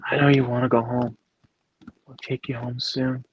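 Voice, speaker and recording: A man's voice: medium pitch, little pitch movement, normal speed, dull audio, slight background noise. A young man hosting a casual live Q&A, talking in a laid-back way, saying "bro" a lot and telling stories animatedly. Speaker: livestream host. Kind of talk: casual chat.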